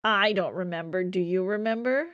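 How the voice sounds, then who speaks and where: A woman's voice: mid-range voice, moderate pace, lo-fi sound, slight background noise. A young woman streamer chatting casually and reading game lines aloud, in a playful, giggly way.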